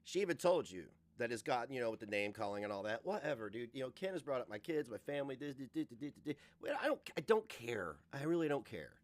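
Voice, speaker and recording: A man's voice: mid-range voice, fast talker, few pauses. A man hosting a reaction show, ranting and joking with lots of cursing and frequent laughter. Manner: profane, laughs often, animated. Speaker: host.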